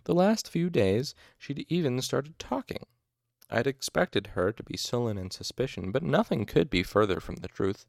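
A man's voice: medium pitch, very animated, normal speed, vocal fry, no room sound, studio quality. A man reading a novel aloud expressively, with occasional asides and self-corrections. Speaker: audiobook narrator.

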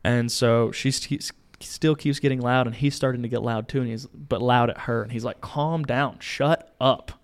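A young man, a podcast co-host, casually telling a story in a small home studio, animated, acting out voices and laughing. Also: medium pitch, brisk, hardly any pauses. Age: young adult.

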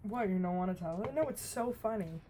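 A woman's voice: medium pitch, fast, a little hiss or hum. Young woman telling a story with laughs. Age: young adult. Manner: animated storyteller, swears, laughs often. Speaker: podcast co-host. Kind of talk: casual chat.

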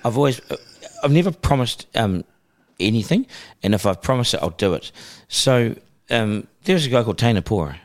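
A middle-aged New Zealand man, a broadcaster, telling stories in a casual, animated way and acting out phone calls. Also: medium pitch, moderate pace, few pauses. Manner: animated, acts out phone calls in character voices. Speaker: broadcaster guest. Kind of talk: casual storytelling.

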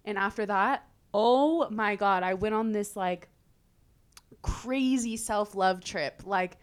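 A young woman hosts a casual podcast and tells a personal story with energy. She fills her talk with "like" and drops the odd swear word. Her pitch sits in the middle for a woman. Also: slow, smooth. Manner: animated storytelling, filler "like", swearing. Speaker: podcast host. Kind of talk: casual chat.

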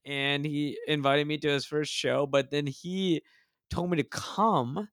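A man from Canada, a comedian guest on a podcast, rambling excitedly and swearing often. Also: a little high, measured pace, dry recording, clean studio sound. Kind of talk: casual chat.

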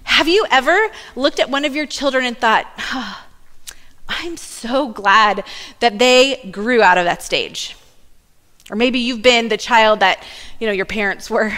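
A woman in her thirties giving a sermon in a church, telling family stories with lively asides. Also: on the high side, in a large hall. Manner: warm storytelling with asides and laughs. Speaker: church speaker. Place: church sanctuary.

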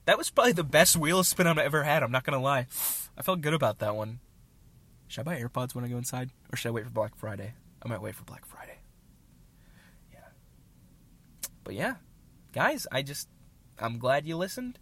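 A man's voice: medium pitch, expressive, fast, fairly bright tone. A young man hosting his own show, telling a rambling, self-mocking story in casual chat with jokey asides. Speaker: podcast host.

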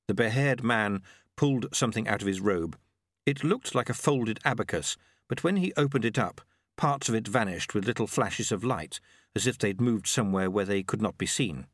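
A male audiobook narrator telling a fantasy story with a lively, rising and falling voice. The sound is dry and close, with no room around it. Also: on the low side, normal speed, no echo. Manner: expressive storytelling. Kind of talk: scripted narration.

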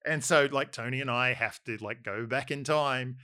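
A man's voice: medium pitch, moderate pace, pushed and bright, dry recording, studio quality. A man with an Australian accent telling a long, rambling story, full of fillers. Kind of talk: casual chat anecdote.

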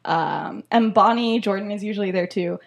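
A woman's voice: mid-range voice, moderate pace, gravelly. Young woman podcast co-host, casual storyteller, mid-range voice, loose and rambling with constant filler words. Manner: rambling, full of "like" and "um".

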